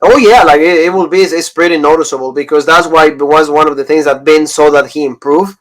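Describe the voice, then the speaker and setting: Excitable man gushing in casual chat. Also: a little high, fast, rough recording. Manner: enthusiastic, rambling fan talk. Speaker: wrestling review podcast co-host.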